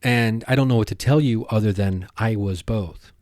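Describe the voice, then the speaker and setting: A man hosting a podcast, talking alone in a rambling, halting way with many restarts. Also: lowish voice, darkish tone, dry recording, studio quality. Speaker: podcast host. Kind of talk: casual monologue.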